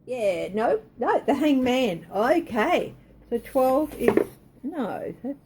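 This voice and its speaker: A woman's voice: sits high, sing-song, slow pace, background noise. A woman giving a tarot reading, thinking aloud, hesitant and correcting herself as she goes. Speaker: tarot reader.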